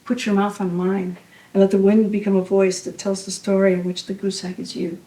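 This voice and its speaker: A woman poet giving a poetry reading at a university venue, measured and intimate, often dropping to a hush. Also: mid-range voice, little pitch movement, echoey room, distant mic, poor audio.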